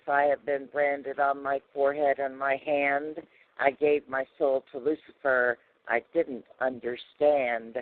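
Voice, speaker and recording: A man's voice: medium pitch, dry recording, natural voice. A man voicing an obedient male computer chip in a poem he recites on a radio call, in a mechanical, rhyming way. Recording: tinny dry phone line.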